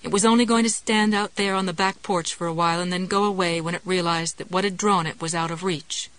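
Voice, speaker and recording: Woman reading a thriller audiobook, steady and even, dry close mic. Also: lowish voice, brisk, no room sound, poor audio. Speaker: audiobook narrator. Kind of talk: scripted narration.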